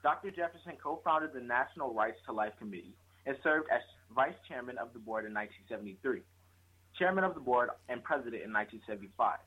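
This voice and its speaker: A man's voice: mid-range voice, lively intonation, fast talker, breathy edge. A man reading a prepared tribute aloud, stumbling on some words and correcting himself. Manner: reads with slips and corrections. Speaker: guest presenter. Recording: tinny phone line.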